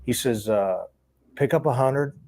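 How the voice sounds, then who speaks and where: A man's voice: mid-range voice, unhurried, a loud crowd. A man, a former sports bookie, casually telling a long story and acting out the dialogue he recalls. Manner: relaxed, acts out quoted dialogue, chuckles between lines.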